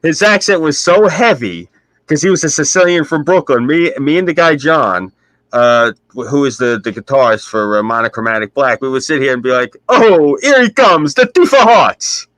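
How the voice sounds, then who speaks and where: A man's voice: mid-range voice, brisk, fairly bright tone, dry recording, poor audio. A man with a New York accent telling stories in a brash, profane way on a casual stream. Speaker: stream host. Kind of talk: casual chat.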